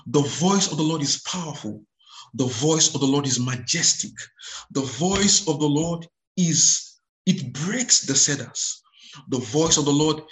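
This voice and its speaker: A man preaching a sermon. He repeats words, restarts his phrases and calls out hallelujah, and he reads scripture aloud slowly and with weight. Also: fairly high pitch, echoey room.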